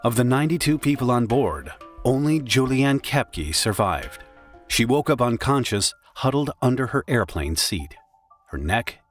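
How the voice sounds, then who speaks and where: A man giving grave, steady scripted documentary narration. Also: medium pitch. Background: faint music.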